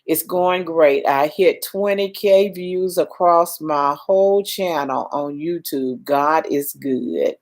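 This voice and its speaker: Older woman, live stream host, slow unhurried talk, somewhat low voice, emotional, reassuring. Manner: emotional, reassuring, reads viewer comments aloud. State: shaken, calming down. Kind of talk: casual live stream chat.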